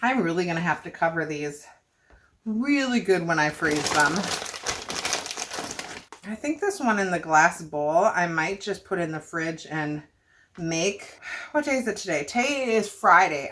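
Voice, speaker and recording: A woman's voice: mid-range voice, fairly bright tone. Older lady cooking and chatting to camera, voice bounces up and down a lot, rambly. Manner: chatty, rambling, frequent self-corrections and laughs. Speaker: homestead cooking vlogger. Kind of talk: casual cook-along chat to camera. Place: home kitchen.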